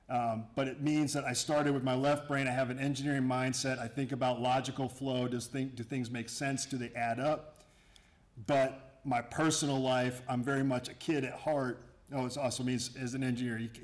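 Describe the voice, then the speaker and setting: A middle-aged Army commander speaking to his workforce in a room, in a loose, conversational way. He jokes and slips into sarcasm, wanders into asides and restarts, and keeps the tone easygoing. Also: medium pitch. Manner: joking and sarcastic. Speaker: Army garrison commander addressing staff. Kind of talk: informal introductory talk to a workforce. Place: room with an audience.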